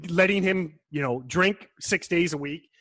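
A man co-hosting a casual interview with a husky, slightly raised voice. He teases and stammers through his questions. The sound is close and dry. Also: on the high side, a little slow, fairly bright tone, dry recording. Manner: teasing, stammers and restarts questions. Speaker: co-host.

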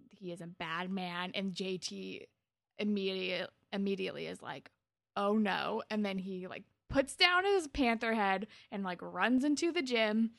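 Podcast co-host, woman, creaky voice, dry recording, loose rambling recap delivery. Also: medium pitch, a bit bright, no echo. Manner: rambling retelling, full of "like". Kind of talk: casual TV recap chat.

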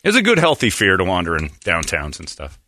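A man's voice: low-pitched, huge pitch swings, brisk, sharp tone. A man hosting a radio talk show, telling rambling stories, laughing often and acting out quotes in casual banter.

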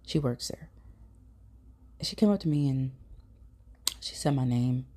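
A woman's voice: very deep voice, expressive, unhurried, mellow. A woman with a St. hosting a podcast, telling a personal story in a chatty, casual way, swearing now and then and sometimes dropping to a whisper. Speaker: podcast host.

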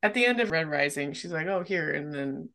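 A woman's voice: deep voice, lively intonation, a little fast, fairly bright tone. A woman co-hosting a book podcast in casual chat, blunt and swearing freely as she retells scenes. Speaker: podcast co-host.

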